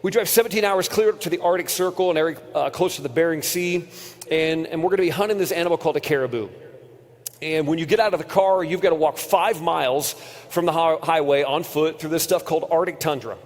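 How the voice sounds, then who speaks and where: A man's voice: fairly high pitch, fast talker. Man preaching in an echoing hall. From United States. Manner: earnest storytelling, drops quiet on painful moments. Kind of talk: conference sermon with personal story. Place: large hall. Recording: long hall reverb.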